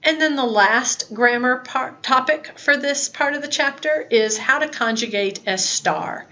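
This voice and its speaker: A woman's voice: fairly high pitch, pushed and bright, highs cut off. A woman in her fifties teaching a recorded Spanish lesson, plain-spoken and chatty, with asides. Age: 50s.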